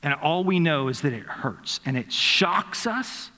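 Earnest pastor preaching in a reverberant hall. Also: male voice, fairly high pitch, sing-song, a little slow. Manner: storytelling, earnest, with soft reflective drops. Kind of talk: sermon.

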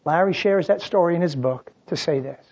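A preacher delivering a sermon, shifting between loud, dramatic outbursts and quiet, drawn-out phrases. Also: mid-range voice, breathy edge, highs cut off.

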